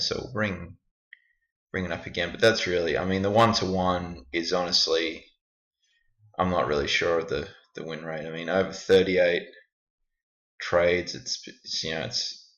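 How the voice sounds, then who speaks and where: Deep-voiced man, rambling self-critical screen walkthrough, muffled lo-fi sound. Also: steady tone, moderate pace, bright, forceful tone. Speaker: trader reviewing his backtest results. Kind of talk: casual screen-recording walkthrough. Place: indoors at a computer. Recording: echoey room, dull lo-fi sound.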